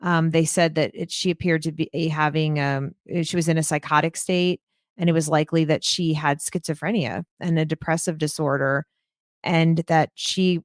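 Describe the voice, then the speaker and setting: A woman with a low, smooth, resonant voice, talking through a crime case at a measured, hesitant pace. She often pauses on "um" while she thinks. The sound is close and dry. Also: steady tone, dry recording. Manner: thoughtful, hesitant, frequent "um". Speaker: true crime podcaster. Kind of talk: casual podcast discussion.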